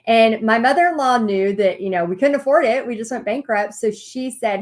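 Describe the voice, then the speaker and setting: A woman telling a personal story to an audience in a lively way, acting out what people said. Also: a little high, normal speed, hardly any pauses. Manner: animated storytelling with acted-out quotes. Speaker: paint party business teacher.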